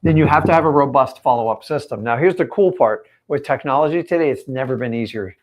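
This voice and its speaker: A man's voice: medium pitch, fast talker. A man coaching his viewers on a live stream, talking straight at them in an emphatic, direct way. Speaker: real estate coach.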